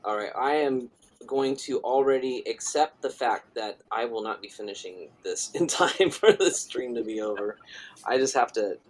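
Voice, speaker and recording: A man's voice: medium pitch, moderate pace. A man hosting a live drawing stream, chatting casually and laughing easily with his guest. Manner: relaxed, laughs often, reads chat aloud. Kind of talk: casual chat while drawing.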